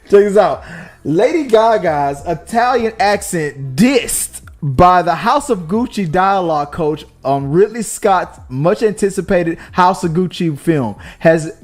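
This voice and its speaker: A man hosting a casual movie podcast, talking in an animated way with many restarts. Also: fairly high pitch. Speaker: podcast host.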